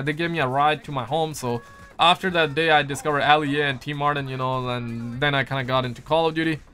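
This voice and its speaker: A man's voice: a little high, fairly bright tone. A man live-streaming games, chatting loosely in slang and answering his chat through a headset mic. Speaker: gaming streamer.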